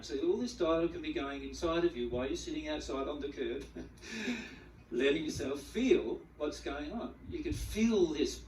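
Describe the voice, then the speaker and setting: A man giving a spiritual teaching talk to a group, animated, acting out the feelings he describes and often repeating words as he goes. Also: fairly high pitch, normal speed, slight background noise. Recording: echoey room, mic at a distance.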